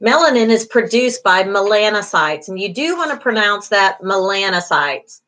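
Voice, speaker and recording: A woman's voice: mid-range voice, animated, normal speed, fairly bright tone. A middle-aged woman, a beauty school instructor giving an online class lecture, encouraging, with many fillers, repeating key terms.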